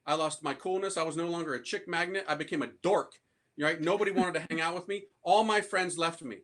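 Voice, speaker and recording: Bright, forceful American priest telling his story. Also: on the high side, fairly quick. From United States. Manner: casual, slangy, animated storytelling. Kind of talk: conversion testimony talk to an audience.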